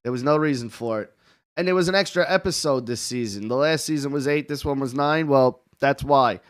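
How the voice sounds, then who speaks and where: A male host of a call-in show talks in a blunt, rambling way and swears often. His voice sits at an ordinary pitch and comes through clean and resonant. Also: a little fast, smooth. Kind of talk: casual call-in chat. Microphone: headset or desk mic with headphones.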